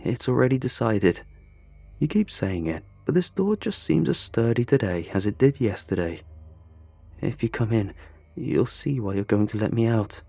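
A man voicing a calm, menacing male prison inmate who taunts in a quiet, insistent way. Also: on the low side, moderate pace, creaky, husky, no echo, faint music behind, heavily acted.

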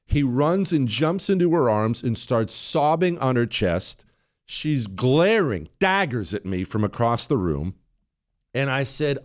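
A man hosting a talk show, telling a story in a punchy, animated way. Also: a little slow. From United States. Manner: animated, wide swings in pitch, punchy delivery. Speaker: radio talk show host. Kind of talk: casual storytelling monologue.

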